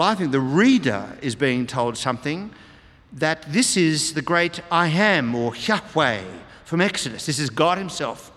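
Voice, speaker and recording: A man's voice: on the high side, a bit bright. A man preaching a sermon, reading scripture aloud and explaining it with emphatic repetition. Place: church hall. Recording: long hall reverb.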